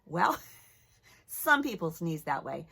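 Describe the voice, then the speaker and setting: Casting: older female teacher, bright lively voice, playful children's phonics lesson. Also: lowish voice, gravelly, slightly rough. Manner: playful, drawn-out demonstrations.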